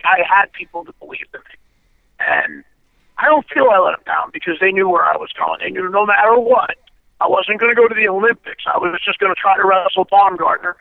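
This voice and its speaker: A man with a high, rough, gravelly voice talks bluntly through an interview, swearing freely and checking in with "you know" and "okay?". The sound is thin and phone-like, with no room around it. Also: dry recording. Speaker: interview guest. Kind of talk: candid storytelling interview. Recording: tinny phone line, dry.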